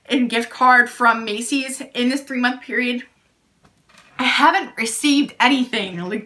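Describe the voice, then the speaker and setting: A young woman recounts a story to her vlog audience in a casual, indignant way, with lots of "like" along the way. Her voice sits a little high and has a sharp, bright edge. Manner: animated and indignant, heavy use of "like". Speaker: vlogger telling a story.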